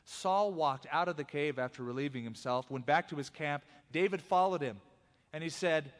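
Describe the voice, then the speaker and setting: A man delivers a sermon in an animated, conversational storytelling manner. His voice sits on the higher side for a man. A long reverb from a large hall trails his words. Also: normal speed. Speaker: preacher.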